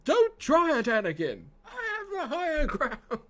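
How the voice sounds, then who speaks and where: A man doing an impression of an anguished middle-aged Jedi mentor, with a strained, high, pleading voice. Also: wildly swooping pitch, unhurried, a bit bright, exaggerated voice. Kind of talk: film quote impressions on a game stream.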